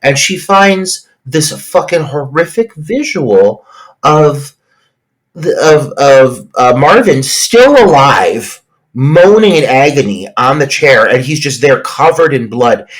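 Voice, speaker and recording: A man co-hosting a casual film podcast, recapping scenes in an excited, emphatic way. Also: mid-range voice, slow, rough recording. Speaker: podcast co-host.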